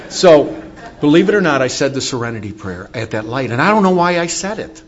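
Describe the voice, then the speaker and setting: A man's voice: fairly high pitch, big pitch swings, fairly quick, muffled recording, noisy background. Middle-aged man candidly sharing a recovery story. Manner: candid storytelling with wry humor. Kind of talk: recovery talk to an audience.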